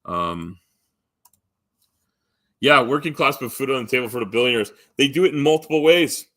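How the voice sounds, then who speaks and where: A man's voice: mid-range voice, lively intonation, moderate pace, pushed and bright, dry recording. A man rambling casually to his live stream chat, full of ums, restarts and offhand swearing.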